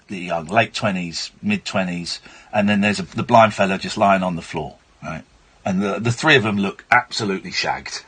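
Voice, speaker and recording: Brief: male late-night radio host, husky, animated pitch, wry asides. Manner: chatty, wry, reading news aloud with asides. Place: radio studio.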